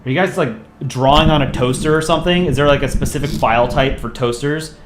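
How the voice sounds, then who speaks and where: A man's voice: mid-range voice, steady tone, quick pace, background noise. A man hosting a livestream, casually chatting and joking through viewer messages in a rambling, self-deprecating way. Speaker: livestream host and channel voice actor. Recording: roomy echo, faint ambience.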